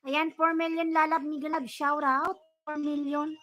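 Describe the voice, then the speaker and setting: A woman from the Philippines with a Filipino accent, hosting a casual livestream, mixing English and Tagalog as she reads viewer comments and gives shout-outs. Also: high voice, level tone, moderate pace. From Bicol, Philippines. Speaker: livestream host.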